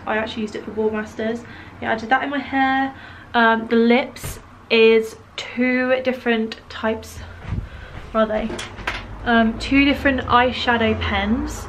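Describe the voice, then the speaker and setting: Chatty British girl, slightly hoarse. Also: a little high, measured pace, slight background noise, poor audio. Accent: British English. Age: young adult. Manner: chatty, giggly, excitable, talks to the camera. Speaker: vlogger. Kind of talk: casual vlog chat. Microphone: camera mic, filming herself.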